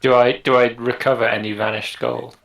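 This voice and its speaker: A man's voice: mid-range voice, little pitch movement, a little fast, vocal fry, a bit bright, rough recording. A man with a British accent playing a tabletop game, speaking politely with some stammering. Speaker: player. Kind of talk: casual tabletop game chat.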